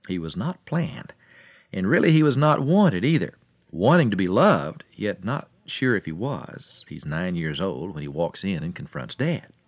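A man with a low voice preaches a short radio devotional. He tells his stories dramatically, with lively rises and falls in pitch. The sound is dry and close, with no room around it. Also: dry recording. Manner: dramatic storyteller, swings between loud and soft.

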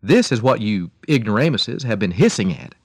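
A man voicing a shrewd, boastful farmer who scolds a crowd slowly and emphatically. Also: lowish voice, big pitch swings, slightly rough, no echo, clean studio sound. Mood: scolding.

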